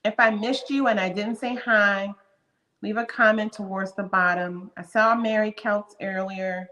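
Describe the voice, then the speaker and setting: A woman's voice: medium pitch, steady tone, unhurried, pushed and bright, dull audio. A woman in her fifties hosting a live stream, chatting casually and greeting viewers one by one by name. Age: 50s. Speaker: livestream host.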